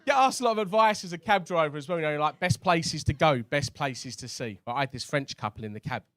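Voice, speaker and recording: A man's voice: a little high, animated, fast, a bit bright, dry recording. A male stand-up comedian, chatting with and teasing a live crowd from a club stage.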